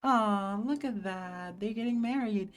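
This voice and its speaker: An animated woman streamer riffing through a visual novel, joking and cursing as she goes. Her voice sits at a middle pitch. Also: moderate pace. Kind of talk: casual gameplay commentary.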